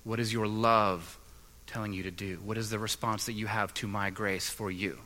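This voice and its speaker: A man's voice: fairly low pitch, level tone, moderate pace, sharp tone. A man preaching a sermon as pastor, with an earnest delivery that builds in intensity. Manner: earnest and building, with mimicked voices.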